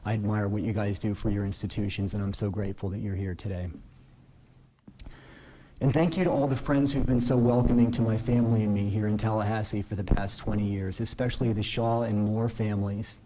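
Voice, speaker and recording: A man in his forties, a newly appointed justice, giving a formal ceremonial speech from a podium in a courtroom, earnest and gently self-deprecating. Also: lowish voice, fairly even intonation, fairly quick, slight background noise, rough recording.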